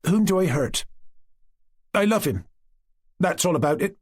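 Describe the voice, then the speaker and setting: A talkative young Cossack girl, as a man reading puts her on, teases in a bright, high, lilting voice. The tone stays a little husky and close. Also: expressive, measured pace. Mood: teasing. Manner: eager, teasing, talkative.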